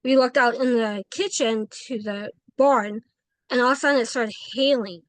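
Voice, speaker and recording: Brief: woman guest, fairly high voice, chatty storyteller who acts out every quote, dry close sound. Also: normal speed, no echo. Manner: animated, acts out quoted dialogue, frequent "like". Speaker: paranormal investigator, guest. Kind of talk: casual interview storytelling.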